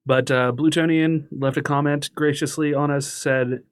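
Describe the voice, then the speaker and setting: A man's voice: a little high, fairly even intonation, moderate pace. Man, podcast co-host, casual chat, chatty, upbeat, laughs easily.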